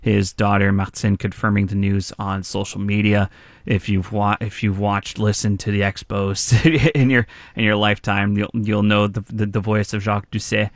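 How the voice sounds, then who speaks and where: A man, co-hosting morning radio and reading news, often halting and restarting. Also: fairly low pitch, little pitch movement, no room sound. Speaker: radio show co-host.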